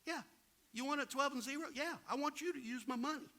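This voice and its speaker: A man's voice: extremely high pitch, fast talker, bright, forceful tone, pitched above the performer's own voice, full character voice. A man putting on the voice of a plain-spoken male private money lender with folksy, casual slang. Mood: eager.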